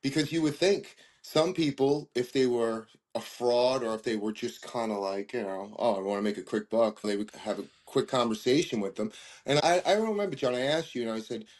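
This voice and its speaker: A man co-hosting a podcast who talks in a relaxed, conversational way and tells stories with plenty of fillers. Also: medium pitch, fairly quick. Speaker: podcast co-host. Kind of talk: casual chat.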